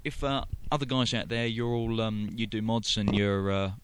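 A lower-voiced man with a London accent chats casually as the host of a live internet radio show. He rambles and restarts his sentences and fills the pauses with ums and uhs. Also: smooth, no room sound. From London, England. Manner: rambling, many fillers and restarts.

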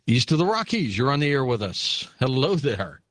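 A male host of a late-night call-in radio show answers callers with wry, teasing asides. His voice moves lively in pitch. It sounds close and dry. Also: normal speed, no echo.

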